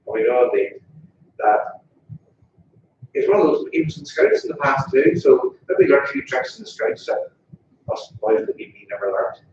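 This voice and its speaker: A man's voice: medium pitch, slight background noise. A man with a Northern Irish accent giving an informal funeral eulogy in a funeral parlour chapel, chatty and jokey, often asking the mourners questions. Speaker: funeral officiant. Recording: distant, echoey, dull room recording.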